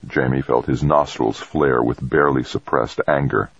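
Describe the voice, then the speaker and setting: A man narrating an audiobook in a steady, measured way. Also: rumbling low, creaky, dry recording. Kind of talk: scripted narration. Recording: dry, dull audio.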